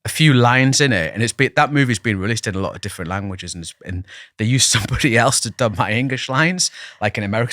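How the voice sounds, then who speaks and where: A man's voice: on the low side, a bit bright, dry recording, studio quality. A man, a podcast guest telling stories in a chatty, self-deprecating way with many restarts. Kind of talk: casual interview storytelling.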